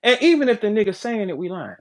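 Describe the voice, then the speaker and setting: A man hosting a podcast, ranting in a brash, profane, animated way, jumping between loud outbursts and low asides. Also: fast. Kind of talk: casual podcast rant.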